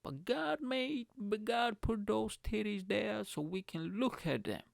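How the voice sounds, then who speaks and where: A man putting on the voice of a fired-up male street preacher, with a loud preaching cadence and drawn-out exclamations. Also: high-pitched, vocal fry, no room sound, studio quality, pitched above the performer's own voice. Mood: preachy. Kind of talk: comedic impression in a podcast rant.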